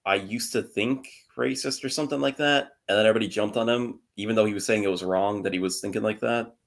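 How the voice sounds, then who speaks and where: Deep-voiced young man rambling on a podcast. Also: fairly even intonation, racing, creaky. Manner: rambling, laughs often, swears casually. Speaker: podcast co-host. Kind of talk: casual chat.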